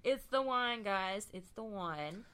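A woman's voice: medium pitch, lively intonation, takes it slowly, a bit bright, slight background noise. A woman hosting a podcast from bed at home, chatting casually with lots of giggling, swearing and playful teasing. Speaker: podcast host. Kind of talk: casual chat quiz.

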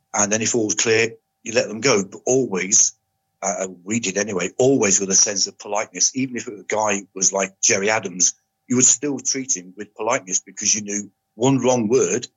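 Husky older man telling stories. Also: on the low side. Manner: unhurried, matter-of-fact anecdotes. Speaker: podcast guest, former soldier and police officer. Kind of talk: casual storytelling. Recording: dull lo-fi audio.

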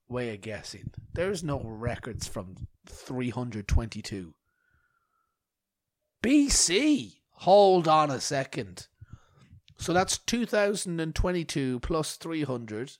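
A man's voice: mid-range voice, darkish tone, no echo, clean studio sound. A man hosting a podcast, rambling and swearing with mock outrage and a bad cough. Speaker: podcast host. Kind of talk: rambling solo podcast chat.

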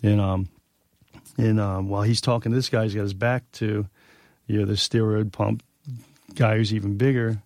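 A man's voice: lowish voice, little pitch movement, normal speed, darkish tone, no room sound, clean studio sound. Profane rambling man telling tour stories. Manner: rambling, profane, many fillers. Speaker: guest musician. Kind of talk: casual storytelling.

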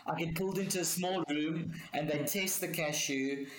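A South African man, a comedian guest, telling stories in a rambling, animated way during a casual podcast chat. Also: fairly high pitch, moderate pace, echoey room, over a noisy crowd, rough recording. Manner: rambling, animated storytelling with swearing.

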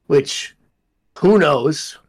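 A man's voice: a little high, lively intonation, drawn-out words. A man co-hosting a podcast, chatting casually about football, blunt and swearing. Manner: blunt, swears, jokes about his team. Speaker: podcast co-host. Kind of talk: casual sports chat.

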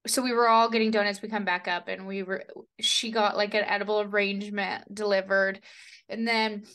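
A woman's voice: mid-range voice, normal speed. A young woman in her twenties, co-hosting a podcast and telling stories in casual chat, acting out the voices she quotes. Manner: animated storyteller, acts out quoted voices. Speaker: podcast co-host.

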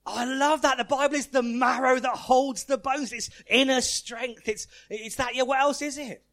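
A man preaching a lively, playful family-service sermon in church, asking the congregation questions and calling out their answers. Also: very high-pitched, moderate pace.

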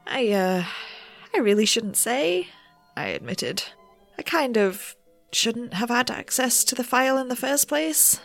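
A woman's voice: on the high side, very animated, a little slow, gravelly, a bit bright, faint music behind, exaggerated voice. A woman playing a nervous young researcher who bends the rules and narrates in a rambling, self-deprecating way. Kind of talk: audio drama narration.

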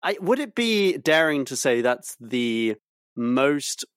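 A man's voice: medium pitch, very animated, slow, a bit bright, smooth, no room sound. Male podcast co-host, playful, mid voice, dry close mic. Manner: playful, does film impressions. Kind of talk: casual chat.

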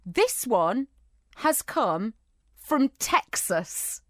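Bubbly woman co-host, highish voice with a lot of swing, close and dry. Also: sing-song, extremely slow, a bit bright, no echo. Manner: giggly, bubbly, enthusiastic. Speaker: podcast co-host. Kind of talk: casual chat.

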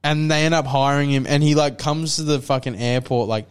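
A man's voice: a little high, a little fast, smooth. A man co-hosting a podcast, casually retelling a movie trailer in a rambling way, with lots of fillers and swearing. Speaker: podcast co-host.

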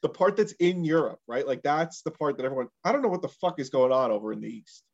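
A man co-hosting a casual podcast chat, animated and quizzical as he talks. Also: medium pitch, quick pace, vocal fry, dull audio. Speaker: podcast co-host.

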